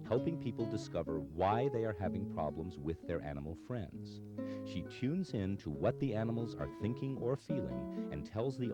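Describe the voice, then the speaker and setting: A man giving measured, scripted documentary narration. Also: low voice. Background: guitar music.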